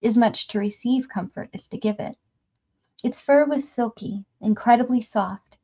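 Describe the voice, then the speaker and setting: A woman reading a novel aloud in a steady storytelling manner, with small slips and restarts. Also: on the high side, normal speed, slightly rough, dull audio. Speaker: audiobook reader. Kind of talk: reading a novel aloud, voicing characters lightly.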